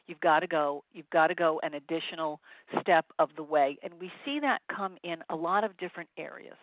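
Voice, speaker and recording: Webinar presentation, consultant, direct advice, frequent fillers, phone-line audio, mid pitch. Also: fairly quick, dry recording.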